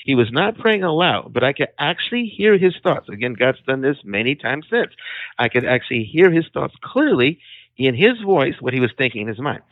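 A man telling a dramatic personal testimony as a guest, calling in over the phone, emphatic and animated. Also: medium pitch, fairly quick, no echo. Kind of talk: storytelling testimony. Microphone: phone call. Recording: tinny phone line.

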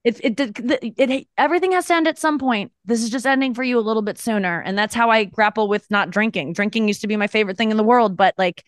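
A woman's voice: fairly high pitch, fast, few pauses, no echo, studio quality. A woman in her thirties, a comedian guest on a podcast, talking in a candid, rambling and self-mocking way. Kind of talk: casual podcast chat.

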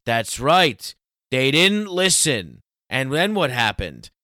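A man voicing a pushy male priest with an Italian accent, quizzing a child in a quick, coaxing way. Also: mid-range voice, sing-song, bright, forceful tone, dry recording, clean studio sound, full character voice. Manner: fast, coaxing, showy.

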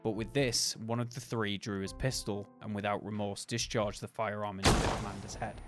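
A man hosting a podcast, reading a horror story in a measured, dramatic way and then chatting casually and laughing easily. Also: lowish voice, level tone, loud music behind the voice. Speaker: podcast host and story reader.

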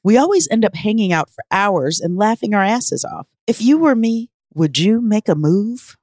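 A woman co-hosting a podcast, chatting in a playful, expressive way. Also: medium pitch, normal speed, no echo, clean studio sound. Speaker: co-host. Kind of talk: casual podcast chat.

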